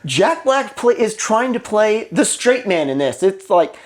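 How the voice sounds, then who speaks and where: A man's voice: high-pitched, very animated, measured pace. Picture a male actor chatting as a guest on a movie review show. He sounds enthusiastic, and he keeps quoting and mimicking lines from the film as he talks. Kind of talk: casual movie review chat.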